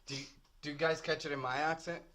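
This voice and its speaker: A man's voice: fairly high pitch, little pitch movement, fast talker, a bit bright, slight background noise. Teasing young man with a Boston accent. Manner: crude, teasing, asks questions. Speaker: podcast co-host. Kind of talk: casual chat.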